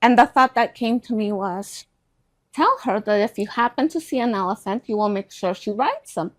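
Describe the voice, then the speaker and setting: A middle-aged woman telling a personal story in a casual chat, animated and acting out the voices of the people in it. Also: mid-range voice, normal speed. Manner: animated, acts out quoted voices.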